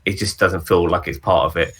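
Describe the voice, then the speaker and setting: A man's voice: low-pitched, brisk, fairly bright tone, husky. A man co-hosting a casual movie-ranking chat, rambling with ums and restarts. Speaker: podcast co-host.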